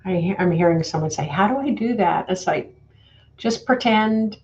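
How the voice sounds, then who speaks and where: A woman who leads a guided meditation and spiritual talk as host, gently guiding and chatty, with filler words. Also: medium pitch, animated, moderate pace. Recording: dull lo-fi audio.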